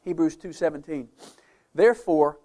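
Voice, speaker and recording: A man's voice: a little high, moderate pace. A man preaching a sermon as pastor, emphatic, with conversational asides to the congregation. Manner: emphatic preaching, rising and falling loudness.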